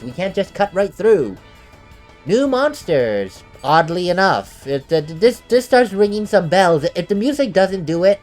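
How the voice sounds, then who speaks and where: Chatty woman with lively pitch. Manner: chatty, laughs often, self-deprecating. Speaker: let's play host. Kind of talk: casual gameplay commentary. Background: faint game music.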